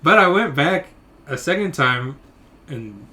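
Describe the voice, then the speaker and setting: A man with a bright, slightly high voice tells stories in a loose, casual chat. He swears freely and drops into quick impressions of the people he met. He sounds irritated and amused at once. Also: animated. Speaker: podcast co-host.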